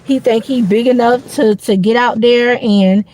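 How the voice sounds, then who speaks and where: Hosting a live boxing stream, a woman rambles casually and loosely, leaning often on "you know what I'm saying." She speaks a bit high and a little slow in a steady, darkish tone, and the audio is poor.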